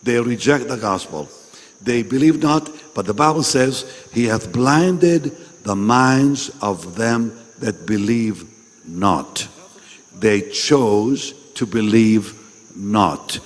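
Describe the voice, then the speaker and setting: A man's voice: lowish voice, lively intonation, slow. A man preaching a sermon at a pastors' meeting. He is emphatic, repeats his phrases and questions the audience directly. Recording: long reverb in a large hall.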